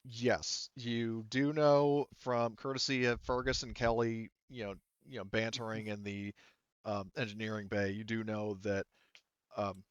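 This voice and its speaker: Rambling low-voiced man as game master. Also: little pitch movement, a little slow, clean tone, no echo, lo-fi sound. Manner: rambling, hesitant, many fillers. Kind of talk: narrating a tabletop game.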